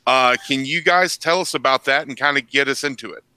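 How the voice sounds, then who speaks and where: A man's voice: medium pitch, fairly quick, pushed and bright, clear, resonant tone, no echo. A man hosting an interview, asking curious, prompting questions.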